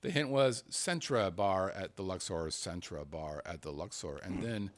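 A man's voice: sits low, moderate pace. A middle-aged man hosting a casual live stream, reading out contest entries with crude jokes. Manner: joking, profane, reads names in a sing-song way. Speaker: show host.

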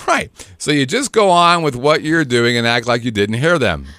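A man's voice: mid-range voice, animated, normal speed, sharp tone, dry recording, clean studio sound. A middle-aged married man co-hosting a podcast, joking and teasing in casual banter. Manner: joking, teasing, does silly voices. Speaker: podcast co-host.

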